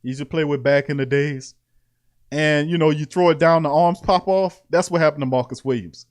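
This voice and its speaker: A man hosting a casual sports talk show, reading out practice notes and reacting with animated, laughing commentary. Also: a little high, brisk. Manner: animated, laughing, repeating lines for emphasis.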